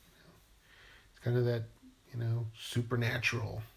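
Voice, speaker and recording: A man's voice: mid-range voice, monotone, normal speed, vocal fry. A man, a writer, musing playfully in a rambling monologue and asking himself questions aloud.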